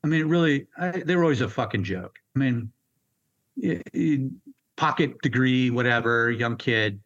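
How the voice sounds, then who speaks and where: Veteran man, 50s, candid and raw, plain mid pitch, slightly dull audio. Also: expressive, fairly bright tone. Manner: blunt, raw and halting, swears freely. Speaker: military veteran interviewee. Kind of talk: candid personal storytelling.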